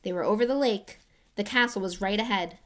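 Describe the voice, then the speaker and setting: A woman's voice: mid-range voice, a little fast, a bit bright. A woman narrating a storybook aloud, dramatic, dropping to a whisper at tense moments. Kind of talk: audiobook reading.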